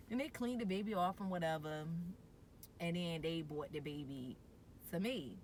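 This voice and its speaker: Animated woman telling her birth story. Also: fairly quick, background noise. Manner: animated, shifts to high excited voice when quoting herself. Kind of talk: casual storytelling.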